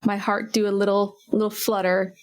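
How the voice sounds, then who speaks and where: A woman's voice: medium pitch, little pitch movement, moderate pace. Bubbly rambling woman podcast co-host. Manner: bubbly, rambling, self-deprecating. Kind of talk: casual chat.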